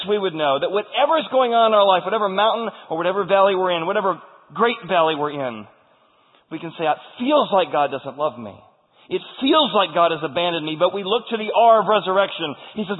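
A husky, fairly high-voiced man preaches a passionate sermon, falling quiet and then surging loud as he reads the scripture aloud. His voice rings through a big hall with a long echo, and the sound is thin and narrow like a phone line. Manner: impassioned, swings from hushed to loud when reading scripture. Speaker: pastor.

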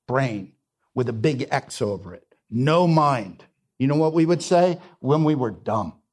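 A man preaching a sermon, emphatic, repeating key phrases and swinging between quiet and loud passages. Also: a little high. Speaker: pastor.

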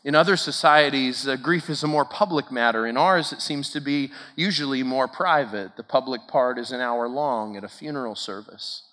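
A man preaching a sermon at a camp, dramatic, swinging from loud emphatic peaks to hushed low asides and asking the listeners rhetorical questions. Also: normal speed, few pauses. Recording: long hall reverb.

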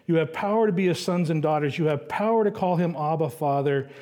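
A middle-aged male pastor giving a conversational sermon, slowing down to read scripture aloud. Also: a little high, warm tone. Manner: conversational preaching, reads scripture slowly.

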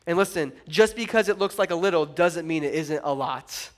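High-voiced, lively male preacher. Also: normal speed. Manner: animated, playful asides and acted-out voices. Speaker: pastor. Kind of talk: sermon.

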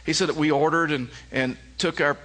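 Man preaching with a slightly high voice. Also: steady tone, fairly quick, fairly bright tone. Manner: conversational storytelling that rises to emphatic preaching. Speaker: pastor. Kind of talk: sermon.

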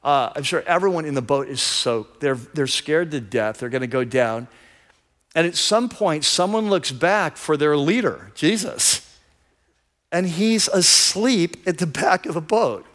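A man's voice: fairly high pitch, animated, unhurried, fairly bright tone. A male pastor preaching a sermon in a conversational, enthusiastic storytelling manner.

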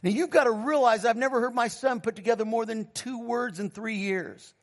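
A middle-aged male pastor with a high voice delivers a sermon testimony. He tells his story in a storytelling manner, drops lower to act out the dialogue, and calls on the congregation for responses. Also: brisk. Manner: storytelling, acts out dialogue with God in a lower, quieter voice.

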